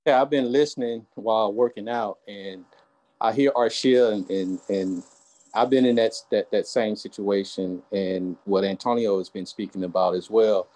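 Southern us guy, low voice, slow halting explainer on a call. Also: fairly even intonation, a little mellow. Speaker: caller. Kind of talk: casual group call.

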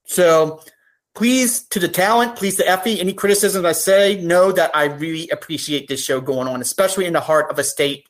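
A woman's voice: fairly low pitch, normal speed. A woman speaking as a guest on a podcast in casual chat, with an earnest, heartfelt way of talking things through. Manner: earnest, heartfelt, talks through ideas at length.

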